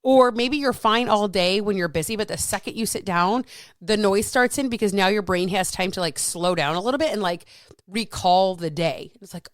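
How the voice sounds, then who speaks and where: A woman in her thirties or forties, a fitness coach talking casually and frankly, animated and swearing freely. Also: medium pitch, normal speed, dry recording. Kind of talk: casual solo talk.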